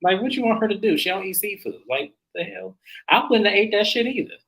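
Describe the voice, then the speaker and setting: A man casually recapping a reality TV episode, animated and profane, acting out the cast's lines. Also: high voice, fairly quick, creaky, rough recording. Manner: animated, profane, laughs, acts out cast lines. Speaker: podcast co-host.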